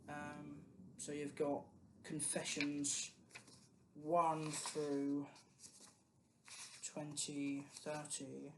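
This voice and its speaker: British book vlogger, mid-pitched, chatty and meandering, faint noise behind. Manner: rambling, many ums and restarts, chatty. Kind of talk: casual book haul chat.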